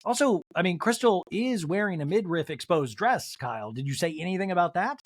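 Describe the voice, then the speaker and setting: A man's voice: sits high, lively intonation, brisk. A man hosting a podcast, recapping reality TV with snarky, joking asides. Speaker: podcast host. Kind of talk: comedic TV recap.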